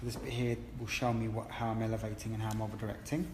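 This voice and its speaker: Talking fast in a lowish, level tone, a man hosts a live-streamed haircut tutorial as a hairdressing educator, chatty and encouraging while explaining every step. Background noise is present, along with a roomy echo, long reverb, and faint ambience.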